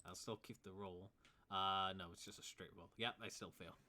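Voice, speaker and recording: A man's voice: deep voice, fairly even intonation, normal speed, a crowd in the background. A man narrating as game master of a tabletop game, laid-back, chuckling and counting out movement.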